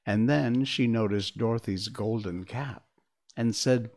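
A man reading a children's storybook aloud, slow and expressive. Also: medium pitch.

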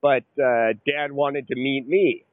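A man's voice: mid-range voice, steady tone, slow pace, no echo. A man co-hosting a podcast, chiming in and telling his own stories in casual chat. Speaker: podcast co-host. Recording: dry, phone-like lo-fi sound.

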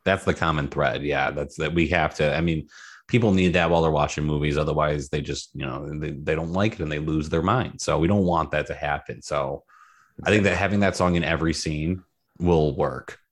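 A man's voice: steady tone, brisk. A man co-hosting a podcast in playful casual chat, his voice jumping up on emphasis. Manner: playful, jumps up in pitch on emphasis. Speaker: podcast co-host.

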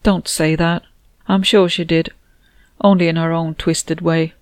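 A woman reading a warm, motherly woman in an audiobook, who speaks gently and soothingly to a grieving friend. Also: deep voice, flat delivery, a little slow, no echo. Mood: comforting.

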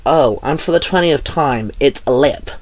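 A man's voice: medium pitch, unhurried, close to an everyday voice. A man voicing a reluctant, irritable young man chosen as a gods' avatar in a storybook reading. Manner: irritable, snappy.

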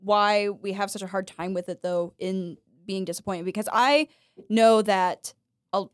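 A woman's voice: mid-range voice, steady tone, unhurried, no echo, clean studio sound. A woman co-hosting a casual Christian podcast, chatty, laughing often and acting out quotes as she talks. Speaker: podcast co-host.

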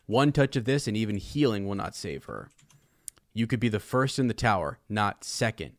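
A man's voice: on the low side, animated, normal speed, no echo. A man reading the lines of a sly, mocking male villain from a fantasy book aloud.

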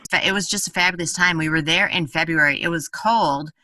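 A woman host tells a funny travel story in a casual, animated way, laughing often and using lots of filler words and frequent swearing. Her voice is lowish and a little fast. The recording has no room sound, though she's far from the mic.

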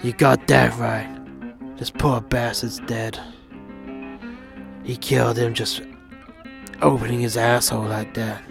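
A man voicing a crude, blunt father who works as a detective, talking low and slow. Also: little pitch movement, gravelly, over music. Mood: grim.

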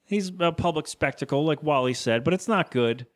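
A man's voice: a little high, lively intonation. A man co-hosting a podcast, casually recapping a cartoon episode and briefly acting out the characters' lines. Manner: rambling, acts out character lines in quick voices. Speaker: podcast co-host.

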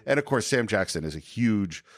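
Animated low-voiced man reviewing films. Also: a little fast, no room sound. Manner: animated, retells scenes. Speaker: podcast co-host. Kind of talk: casual film review chat.

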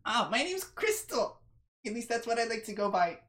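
A woman voicing a tiny halfling woman who talks in a high, chirpy, bossy way. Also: big pitch swings, normal speed, fairly bright tone. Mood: bossy, perky.

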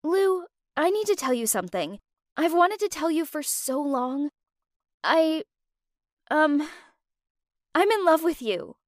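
A woman playing a glamorous young woman, hesitant, dramatic pauses, high voice. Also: lively intonation, dry recording, clean studio sound. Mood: tipsy, confessing. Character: glamorous young woman, model, secretly in love.

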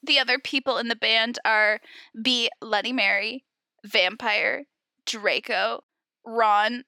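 A woman's voice: fairly high pitch, fairly even intonation, slow pace, sharp tone, no room sound. A young woman co-hosting a podcast, reading fan fiction aloud in a comic, dramatic way and often breaking into giggles.

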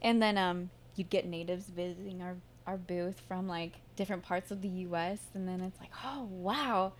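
A young woman in a casual chat, her speech carrying a Southern Oklahoma accent. She tells stories in an animated way and laughs easily between sentences. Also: lowish voice, normal speed, slight background noise. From Michigan. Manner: laughs often, animated storytelling.

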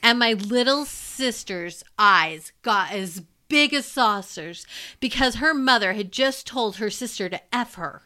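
A woman teacher telling a funny classroom story in an animated way, laughing as she goes. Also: a little high, clean tone. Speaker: teacher and podcast co-host. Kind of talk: personal storytelling.

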